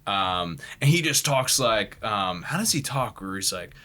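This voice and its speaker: A man's voice: lowish voice, animated, unhurried, bright, forceful tone, slight background noise. A young man hosting a casual podcast chat, loose and profane, laughing often and slipping into put-on voices. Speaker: podcast host.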